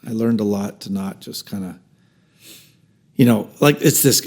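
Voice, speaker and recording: A man's voice: lowish voice, a little slow. A man in his fifties, a podcast guest telling a personal story animatedly, acting out quotes and dropping into whispers. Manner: animated storyteller who acts out quotes and drops into whispered asides.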